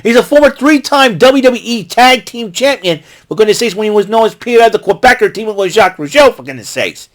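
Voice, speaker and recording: An American man hosting his own vlog, giving an excitable, rambling recap full of asides and restarts. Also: high voice, a little fast, few pauses. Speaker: vlog host recapping wrestling.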